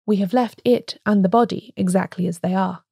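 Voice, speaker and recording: A woman reading the lines of a sensible, proper male police inspector who speaks in a measured, formal way. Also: mid-range voice, steady tone, creaky, a little mellow, slightly rough, no room sound, studio quality.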